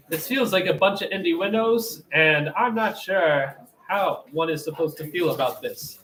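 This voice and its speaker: A young man streaming, chatting and reading aloud with wry, deadpan commentary. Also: on the high side, a little slow. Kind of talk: casual live-stream chat. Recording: echoey room with crowd noise.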